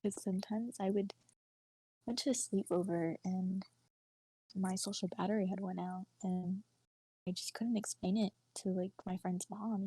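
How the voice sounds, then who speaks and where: Young woman, podcast co-host. Husky, soft-toned voice. Chatty, filler-heavy storytelling that dips to near-whispers. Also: mid-range voice, fairly even intonation, normal speed, rough recording. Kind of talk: casual personal storytelling.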